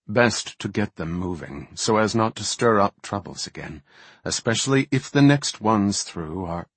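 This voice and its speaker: A man voicing a wise male elf archdruid who speaks in a measured, quiet, dry way. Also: fairly low pitch, lively intonation, breathy edge, no room sound, full character voice.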